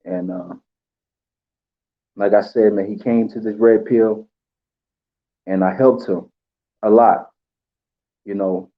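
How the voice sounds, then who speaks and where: A man giving an emotional tribute, halting with pauses and fillers as he holds back tears. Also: fairly low pitch, steady tone, highs cut off. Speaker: channel host.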